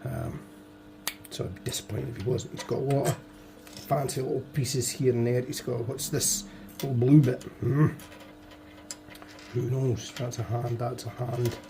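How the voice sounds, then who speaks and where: A man with a hoarse, fading voice, muttering to himself and joking at his own expense as he builds toy models. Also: medium pitch, a little slow, pauses often, noisy background. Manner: muttering to himself, self-deprecating. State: hoarse, voice going. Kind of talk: casual build commentary.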